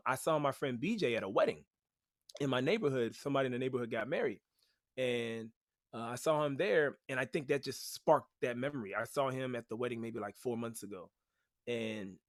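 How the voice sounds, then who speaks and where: A man in a medium register tells stories as a podcast guest. He is animated and chatty, with plenty of "like" and "you know". The sound is dry and close. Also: mid-range voice, dry recording. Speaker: podcast guest, rapper and teaching artist. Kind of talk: casual storytelling.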